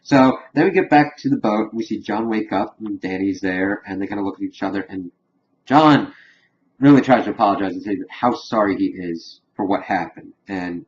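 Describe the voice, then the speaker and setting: Guy with a lowish voice recapping an episode, kinda rambly, dull lo-fi sound. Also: normal speed. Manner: rambling, recaps scenes with lots of "kind of, like". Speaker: TV show reviewer. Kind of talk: casual spoken review.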